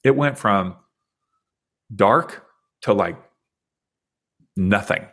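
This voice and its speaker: A man in his forties, a podcast guest, earnestly and reflectively recounting a deeply personal experience in conversation. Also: extremely slow, husky.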